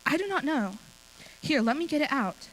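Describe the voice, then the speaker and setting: A woman reading a story aloud and voicing a calm, caring mother, gentle and matter-of-fact. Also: high voice, normal speed, pitched above the performer's own voice, poor audio.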